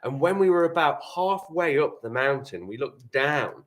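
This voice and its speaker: A man's voice: on the high side, expressive, normal speed. A male primary school teacher, giving a live online writing lesson, reading example sentences aloud and explaining them step by step.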